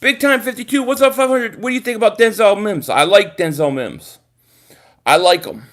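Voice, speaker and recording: A man hosting a casual sports livestream, talking straight to viewers, animated and swearing freely. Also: high-pitched, moderate pace. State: groggy from a nap. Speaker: livestream host reading chat.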